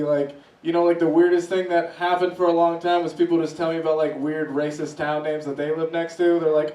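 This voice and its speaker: A man doing stand-up, telling a story with lively swings in his voice as he acts out reactions. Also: fast talker, few pauses. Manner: animated, voices swing high when acting out reactions. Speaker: stand-up comedian. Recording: echoey room from a distance.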